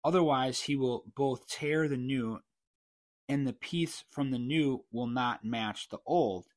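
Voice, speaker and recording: A man's voice: mid-range voice, takes it slowly, no echo. Preaching man, dry and close. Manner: reads scripture then comments conversationally, frequent throat clearing. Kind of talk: Bible teaching sermon.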